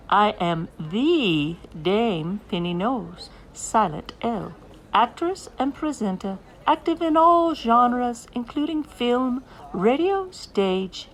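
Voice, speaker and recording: Brief: haughty British theatre dame, slow and sweeping, played by a woman. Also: fairly high pitch, big pitch swings, heavily acted, low-quality recording. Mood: grandiose. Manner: grandiose, self-important, theatrical declaiming. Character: pompous vain British stage dame, middle-aged woman. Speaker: guest host.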